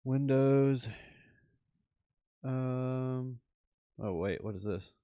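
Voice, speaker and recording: A man's voice: mid-range voice, drawn-out words, smooth, no echo, narrow, tinny audio. A man streaming a crypto trading session, chatting casually and rambling to his viewers with frequent laughs. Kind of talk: casual livestream chat.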